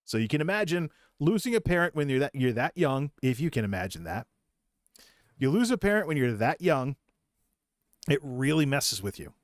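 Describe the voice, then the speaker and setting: A man's voice: fairly high pitch, very animated, moderate pace, no room sound, studio quality. A middle-aged man from Massachusetts telling a rambling, self-deprecating story about his own life in a vlog. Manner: rambling, self-deprecating, with frequent restarts and chuckles. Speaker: vlogger. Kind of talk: personal storytelling monologue.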